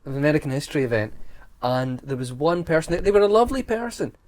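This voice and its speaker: A man's voice: a little high, sing-song, fast talker, a little mellow. A Scottish man, a historian, chatting casually on a podcast with dry, teasing humour. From Scotland. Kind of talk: casual conversation.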